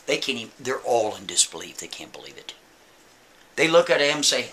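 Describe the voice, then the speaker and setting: A man telling a story in a casual, chatty way, with animated asides. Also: medium pitch, a little fast.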